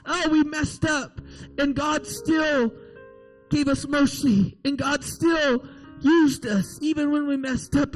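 A man preaching a sermon in a church, impassioned, rising to shouts and often asking "can I tell you". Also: very high-pitched, takes it slowly, soft background music, low-quality recording. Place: church service, also streamed online.

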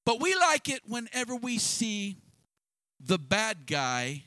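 A man preaching a sermon, reading scripture slowly and swinging between loud, emphatic bursts and soft, low asides. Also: wildly swooping pitch, no echo. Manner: reads scripture slowly with stretched words. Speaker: pastor.

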